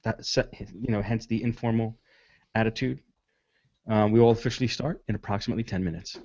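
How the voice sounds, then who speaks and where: A man's voice: lowish voice, brisk, a little mellow. A man hosting a podcast in casual pre-show banter, informal with dry jokes. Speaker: podcast host. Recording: dull lo-fi podcast audio.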